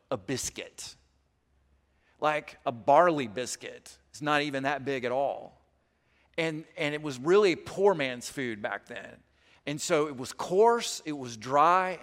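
A man's voice: a little high, a bit bright. A man preaching a sermon as pastor, conversational with folksy asides, speaking in a church sanctuary. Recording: long hall reverb.

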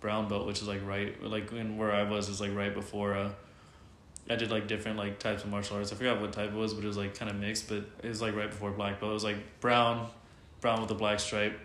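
A man's voice: lowish voice, monotone, fairly quick, a bit bright. A man in his twenties telling a long story in casual chat, rambling with many "like"s and restarts. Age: 20s. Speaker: storyteller guest. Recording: echoey room with faint background noise.

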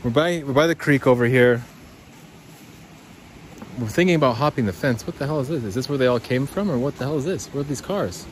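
A man in his twenties or thirties talks to his listeners as he walks outdoors by a creek, rambling and swearing freely. His voice sits at an ordinary middle pitch. A faint hiss of outdoor air runs under his words. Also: a little fast. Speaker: podcast host. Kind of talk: rambling walk-and-talk monologue.

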